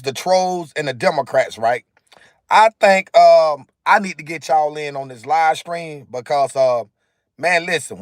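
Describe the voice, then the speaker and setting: A man's voice: fairly high pitch, no room sound, studio quality. A man live-streaming from his car on a phone, talking straight to his viewers in a repetitive, emphatic rant. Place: in a car, outdoors in sunlight. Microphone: phone camera.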